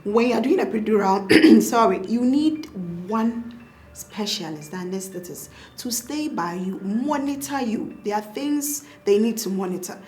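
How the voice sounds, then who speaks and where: A woman's voice: on the high side, expressive, measured pace, a little mellow, faint music behind. A woman with a Ghanaian accent, a doctor and mother, tells her birth story in a casual interview, acting out her own past words with laughter.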